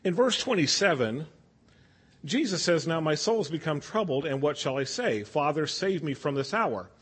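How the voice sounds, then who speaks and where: A man teaching an evening Bible study, talking through scripture in an easygoing, conversational way. His voice has a husky edge. He regularly stops to ask the class what they think. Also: fairly high pitch, very animated, normal speed, fairly bright tone. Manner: conversational, asks the class questions.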